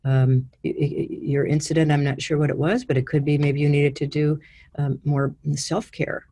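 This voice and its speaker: A woman leading a guided healing exercise over a video call, giving slow, soothing instructions. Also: deep voice, flat delivery, warm tone. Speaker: guided healing session leader.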